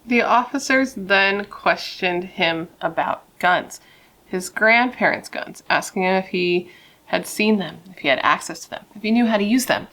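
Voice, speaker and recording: A woman's voice: medium pitch, expressive, moderate pace, a bit bright. A young woman telling a true crime story in a casual, chatty way, swearing and saying "like" a lot.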